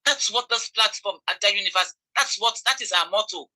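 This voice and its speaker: Nigerian woman, emphatic commentary, very bright tone, repeats herself. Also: mid-range voice, fairly quick, poor audio. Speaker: online commentator. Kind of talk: impassioned commentary.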